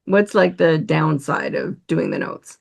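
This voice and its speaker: Here is a woman hosting a podcast interview in a lowish voice with a lot of vocal fry. She asks questions and sums up her guest's points. She often checks in with "right?". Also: very animated, a little slow. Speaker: podcast host.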